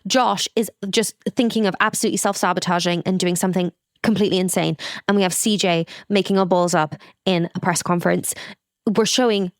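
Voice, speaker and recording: A woman's voice: fairly low pitch, steady tone, brisk, no echo, clean studio sound. Wry woman co-hosting a podcast. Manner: wry, with frequent agreeing murmurs. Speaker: podcast co-host. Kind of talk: casual recap chat.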